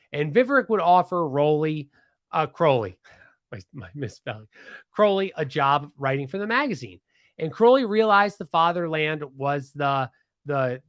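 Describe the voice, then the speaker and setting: A man from Pennsylvania tells a history story on his podcast in a casual, animated way, full of restarts and asides. His voice sits a bit high for a man. The recording is dry and close, with no room sound. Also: no room sound. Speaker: podcast host.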